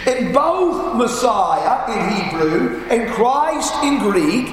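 A man preaching a sermon, teaching in a measured, emphatic way and repeating rhetorical questions. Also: very high voice, sing-song, a crowd in the background. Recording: echoey hall with long reverb.

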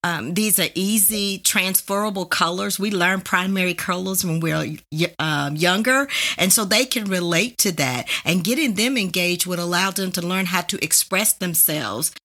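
A woman hosts a faith-based couples podcast and walks listeners through a simple tool step by step. Her voice is bright and clear. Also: fairly low pitch, moderate pace. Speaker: podcast host.

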